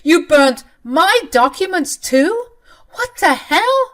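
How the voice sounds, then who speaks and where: A woman voicing an angry adult man caught cheating, shouting in strained, high-pitched outbursts. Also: expressive, normal speed, lightly acted. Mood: shouting outraged.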